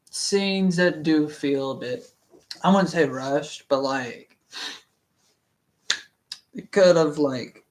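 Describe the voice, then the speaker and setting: A young book reading channel host rambles on a casual livestream in a fairly high voice, speaking slowly with long pauses. He stammers, fills gaps with filler words, and keeps restarting sentences.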